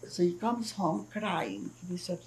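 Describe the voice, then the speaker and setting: An older woman from Hungary giving her testimony in a recorded oral history interview, speaking haltingly, with frequent restarts and soft murmured agreement. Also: lowish voice, big pitch swings, rough recording. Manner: acts out family dialogue when retelling it. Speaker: Holocaust survivor giving testimony.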